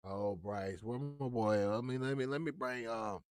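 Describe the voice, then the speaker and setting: A man's voice: medium pitch, moderate pace, no room sound, studio quality, faint music behind. A man hosting a live sports commentary stream, talking in a slangy, taunting way and repeating his lines in a sing-song chant. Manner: slangy, casual. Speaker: streamer host.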